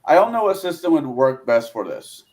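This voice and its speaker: A man's voice: a little high, very animated, moderate pace, a little mellow. A man in casual chat about tabletop games, hesitant and thinking aloud as he goes. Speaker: podcast panelist.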